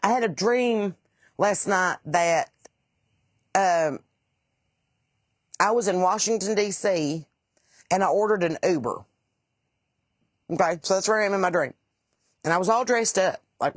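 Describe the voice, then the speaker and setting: A woman's voice: on the low side, expressive, a little slow, pauses often, no echo. A woman, chatting casually with livestream viewers, rambling and salty as she tells stories. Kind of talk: casual livestream chat reading comments.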